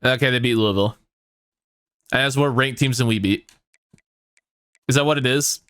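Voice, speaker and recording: A man commenting on his own football video game dynasty, excitable and swearing often as his mood swings between hype and outrage. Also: mid-range voice, moderate pace, smooth, no room sound, studio quality. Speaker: gaming YouTuber. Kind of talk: let's play commentary.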